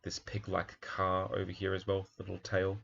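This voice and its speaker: A man's voice: low voice, monotone, normal speed, vocal fry, fairly bright tone, lo-fi sound. A male primary teacher talking through a children's picture book, reflective, with many fillers and restarts.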